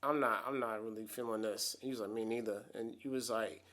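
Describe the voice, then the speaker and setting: A man's voice: fairly low pitch, fairly even intonation, brisk, a bit bright. A man co-hosting a podcast in casual chat, adding context to his partner's story and correcting her. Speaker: podcast co-host. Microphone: USB condenser mic.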